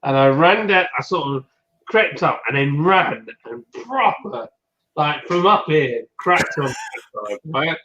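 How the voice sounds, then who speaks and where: A man hosting a podcast, telling stories casually and acting out the people he quotes. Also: measured pace. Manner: animated, acts out quotes in a higher voice. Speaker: podcast host. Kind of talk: casual chat, storytelling. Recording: dull lo-fi audio.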